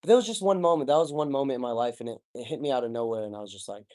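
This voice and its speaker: A young man speaks as a podcast guest in a mid-pitched voice. He tells his story openly and with emotion, and he swears casually and keeps saying "like" and "bro." The delivery is loose and conversational. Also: lively intonation, fast, hardly any pauses, darkish tone. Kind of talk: candid personal storytelling.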